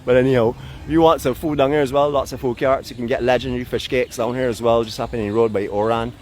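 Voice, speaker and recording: A man's voice: medium pitch, fairly even intonation, fast, darkish tone, a little hiss or hum. A middle-aged man from Barbados with a Barbadian accent, hosting a live walking tour, chatty and playfully teasing his viewers. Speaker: vlog host and walking guide. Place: outdoors by a seaside port in a town.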